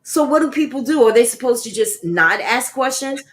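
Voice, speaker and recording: A woman's voice: fairly high pitch, expressive, normal speed. A woman hosting a panel discussion, putting probing questions to her guests. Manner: probing, asks follow-up questions. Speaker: host.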